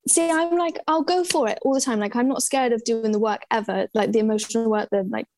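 Young woman, animated storyteller in casual chat, fairly high voice, dry close sound. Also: brisk, no echo.

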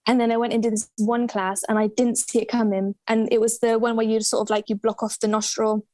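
A young woman in casual conversation, telling a personal story with lively quoted voices. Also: fairly high pitch, fairly quick, dry recording. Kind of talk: casual chat.

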